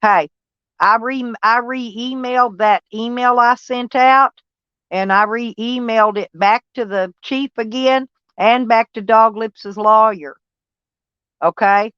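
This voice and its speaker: This vlogger speaks slowly in a fairly high, fairly bright voice with a clear, resonant tone and a Southern American accent. She rambles casually on a livestream, reading chat and addressing viewers by name, captured in a dull, lo-fi, dry recording with no room sound.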